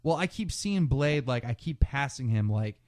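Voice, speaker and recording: This man co-hosts a podcast, speaking in a mid-range voice at a normal speed. Animated and profane, he narrates a story casually while performing the things people said.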